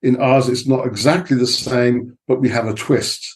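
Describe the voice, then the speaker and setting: A man's voice: medium pitch, steady tone, normal speed. Middle-aged male guest from England, film director, rambling anecdotal chat, mid-range voice. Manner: storytelling, with many fillers and restarts. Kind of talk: casual interview chat.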